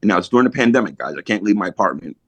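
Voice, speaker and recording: A man's voice: on the low side, lively intonation, racing, a bit bright, husky, no room sound. A middle-aged man, a podcast guest, telling a blunt, profane, emotional story about his recovery in a casual way.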